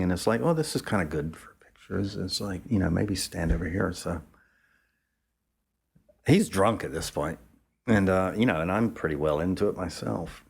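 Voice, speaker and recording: Man photographer guest, low voice, easygoing profane yarn-spinner. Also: vocal fry, darkish tone, husky. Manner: loose, rambling, profane, chuckling. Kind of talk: casual storytelling anecdote.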